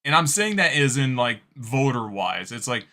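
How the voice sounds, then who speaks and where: A man's voice: medium pitch, sing-song, normal speed, sharp tone. A man hosting a reaction video, talking casually, swearing and laughing often. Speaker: host. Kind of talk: reaction commentary.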